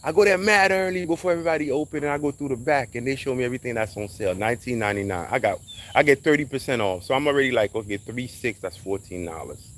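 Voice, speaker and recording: Animated slangy man telling stories. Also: mid-range voice, racing, a little hiss or hum. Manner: animated, slangy, acts out quoted voices. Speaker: storyteller. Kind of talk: casual storytelling.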